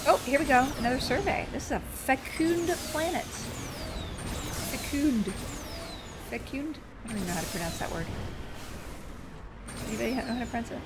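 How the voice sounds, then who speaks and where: A woman in her forties chatting excitedly while playing a game live, with loud exclamations. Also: fairly high pitch, normal speed, pauses often, a little hiss or hum. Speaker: streamer. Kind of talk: live gameplay commentary.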